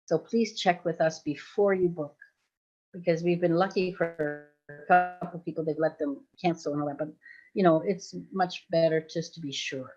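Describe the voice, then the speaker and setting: A woman's voice: sits low, steady tone, normal speed, darkish tone, faint music behind. A woman in her sixties from Belgium, a hypnosis trainer chatting casually on a livestream, rambling and often laughing. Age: 60s. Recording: dull lo-fi livestream audio.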